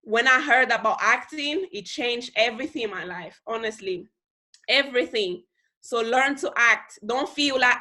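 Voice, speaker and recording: A woman's voice: normal speed, pushed and bright. A woman giving a motivational talk to her team on a video call, emphatic and repeating phrases for stress. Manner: mimics other people in high squeaky voices. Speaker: team leader on a group call.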